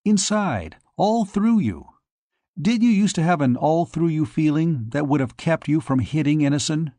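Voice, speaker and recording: A man reading an audiobook, voicing a gentle, patient man who talks a friend round quietly and insistently. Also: on the high side, lively intonation, normal speed, dry recording, clean studio sound, close to an everyday voice. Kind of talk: audiobook character voice.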